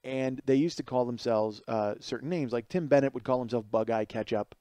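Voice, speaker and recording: A man in his forties hosting his own podcast, telling a rambling comic story that climbs higher and louder as he gets worked up. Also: a little fast, smooth, no room sound, clean studio sound. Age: 40s. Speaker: podcast host. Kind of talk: casual comedic monologue.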